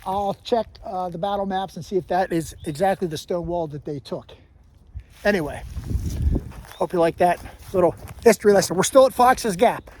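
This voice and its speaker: A man with a high-sitting voice speaks at a moderate pace on a mountain trail, with a little hiss or hum in the audio. He's a hiking vlogger giving a casual history talk to a handheld camera, rambling and regularly correcting himself.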